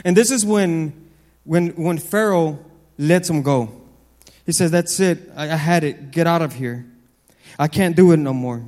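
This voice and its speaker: A man preaching a sermon, emphatic and repetitive, swinging from loud lines to low, quiet ones. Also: unhurried. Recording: long hall reverb.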